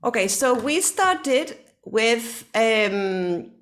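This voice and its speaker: A woman's voice: on the high side, very animated, drawn-out words, a bit bright. A woman whose first language is Spanish, teaching an online one-to-one English lesson, explaining pronunciation and often checking with "okay?" and Spanish asides.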